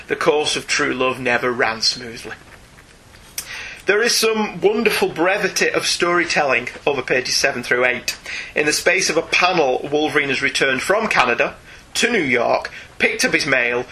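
A man's voice: on the high side, low-quality recording. A man co-hosting a comics podcast, chatting enthusiastically and animatedly. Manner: enthusiastic, animated, quick laughs. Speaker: podcast co-host. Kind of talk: casual chat about comics.

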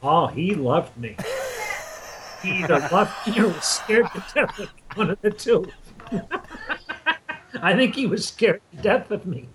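A man swaps rowdy school-day stories with old friends, swearing and laughing as he goes. His voice swings widely in pitch. A steady noise sits behind him. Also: a little slow, long pauses. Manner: laughing storyteller, crude joking. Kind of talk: casual reminiscing. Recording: noisy background.

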